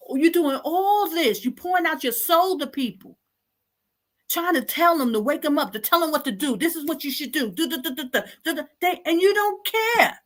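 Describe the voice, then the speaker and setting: A woman's voice: high voice, pushed and bright. A woman hosting an online talk show, scolding her listeners in an impassioned, exasperated and repetitive way.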